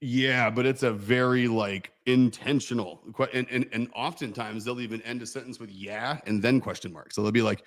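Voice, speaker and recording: A man's voice: medium pitch, steady tone, normal speed, hardly any pauses. A man co-hosting a livestream, joking around in a laid-back, casual way. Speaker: livestream co-host. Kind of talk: casual chat.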